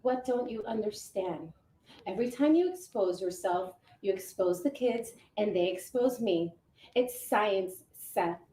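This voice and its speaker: A woman's voice: medium pitch, measured pace, dark tone, natural voice. A woman playing a curt, sarcastic divorced mother in acted drama dialogue. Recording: roomy with faint noise.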